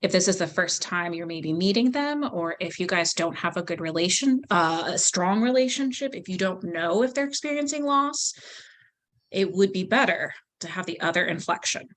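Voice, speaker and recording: A woman leading a volunteer training session, explaining calmly and acting out example phrasings. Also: on the low side, moderate pace, a little hiss or hum. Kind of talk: training lecture.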